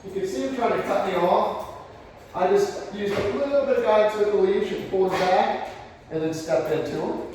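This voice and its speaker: A fairly high-voiced man trains a dog indoors at home, explaining calmly as he goes and praising the dog now and then. His voice sits back from the mic and rings with a long, roomy echo. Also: moderate pace, distant mic, slight background noise. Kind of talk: live demonstration with commentary. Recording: echoey room, voice picked up from afar.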